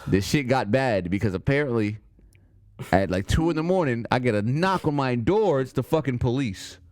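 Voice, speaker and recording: A young man on a podcast, telling a high school story in a casual, profane way and acting out the voices of people in it. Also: moderate pace, no echo, studio quality. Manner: animated, profane, acts out voices in his stories. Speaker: podcast co-host.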